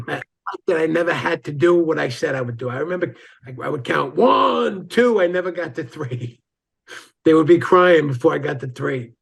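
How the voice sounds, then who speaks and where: Male guest, gravelly husky voice, blunt storyteller who acts out quotes. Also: a little high, moderate pace. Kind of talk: casual interview conversation.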